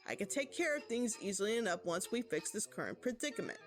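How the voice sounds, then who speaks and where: A woman voicing a calm, formal female team commander who speaks with measured, precise diction. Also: medium pitch, faint music behind, natural voice. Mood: composed.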